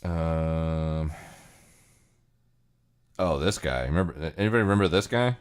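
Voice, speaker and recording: A man with a very low voice hosts a casual livestream. He rambles loosely and muses out loud as he works through his thoughts, often circling back to restate a point. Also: animated, a little slow. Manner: musing, rambling, thinking aloud. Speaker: livestream host.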